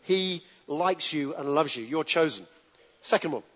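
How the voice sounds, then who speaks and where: A man preaching a sermon in a relaxed, conversational way, often asking the congregation to join in and answer back. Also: fairly high pitch, unhurried. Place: church hall with congregation. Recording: dull lo-fi recording with long hall reverb.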